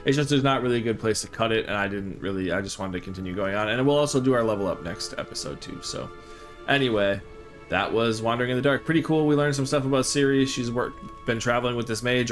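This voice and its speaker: Talking fast at medium pitch, with soft music behind him, a man rambles easily through his gameplay commentary. He is hosting a let's play and reads the text aloud as he goes.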